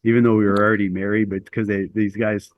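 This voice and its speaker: A man's voice: lowish voice, flat delivery, quick pace, narrow, tinny audio, a little hiss or hum. A middle-aged man telling a long personal story as an interview guest, rambling and self-deprecating with lots of fillers.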